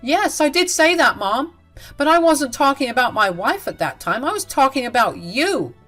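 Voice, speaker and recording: A woman voicing an angry young husband who speaks loudly and sternly to his mother. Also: high-pitched, sing-song, normal speed, faint music behind, pitched above the performer's own voice, heavily acted. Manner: loud, stern, confrontational.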